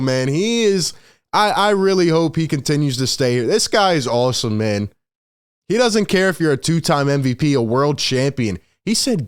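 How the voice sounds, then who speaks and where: Excitable male sports video host. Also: a little high, moderate pace, dry recording, clean studio sound. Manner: excitable, laughing, acts out quoted players. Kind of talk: casual game recap commentary.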